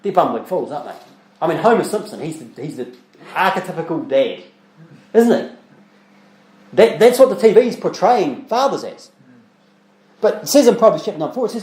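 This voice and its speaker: A man's voice: high-pitched, sing-song, brisk, a little mellow, reverberant, poor audio. A man preaching a sermon as pastor, talking conversationally with rhetorical questions and repeated words, and reading scripture aloud in old-style English. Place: church.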